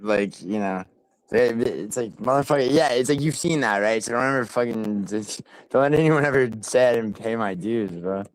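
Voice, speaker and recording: A man's voice: mid-range voice, moderate pace, no echo, low-quality recording. A man streaming a casual panel chat, talking in a profane, rambling way with lots of restarts.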